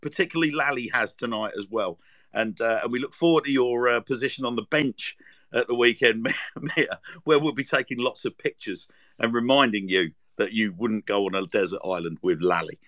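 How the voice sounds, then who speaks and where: A man's voice: medium pitch, brisk, fairly bright tone, no echo. A man hosting a casual podcast chat, jokey and teasing, with lots of fillers. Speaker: podcast host.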